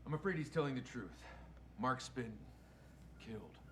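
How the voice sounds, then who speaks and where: An actor playing a gruff, cocky hard-boiled detective with a blunt, sarcastic drawl, from a comedic mystery film. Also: male voice, medium pitch, lively intonation, moderate pace, natural voice. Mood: brusque. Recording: noisy film audio.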